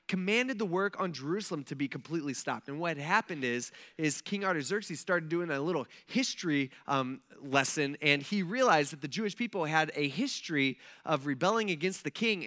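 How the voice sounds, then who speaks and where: A man's voice: high voice, pushed and bright. A man preaching a sermon in a conversational style, full of asides to his listeners. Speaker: pastor. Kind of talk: casual sermon.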